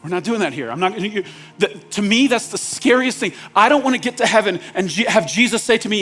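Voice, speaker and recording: A man's voice: high-pitched, animated, a little fast, bright, forceful tone, soft background music. A male pastor preaching in a church, talking plainly to the room and building to urgent, emphatic points. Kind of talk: sermon. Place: church sanctuary.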